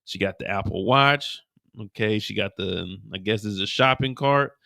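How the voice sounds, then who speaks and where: Gravelly, bright-voiced man recapping. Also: fairly low pitch, moderate pace, no room sound, clean studio sound. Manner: profane, animated storytelling. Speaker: show host. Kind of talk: casual live TV recap.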